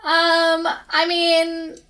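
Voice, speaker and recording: Slow, hesitant young woman. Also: very high voice, monotone, bright, forceful tone. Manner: hesitant, filler-heavy, dry. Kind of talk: casual podcast chat.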